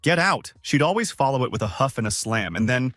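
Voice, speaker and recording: A man's voice: medium pitch, lively intonation, quick pace, fairly bright tone, dry recording, clean studio sound, soft background music. A man narrating a first-person story with a scripted, dramatic delivery.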